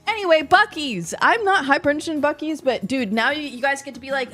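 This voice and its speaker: A woman streamer chats casually in slang. Her talk is animated and jumps from topic to topic. Faint music plays underneath. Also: sits high, quick pace, few pauses. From New Zealand. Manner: chatty, slangy, animated, jumpy. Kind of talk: casual chat.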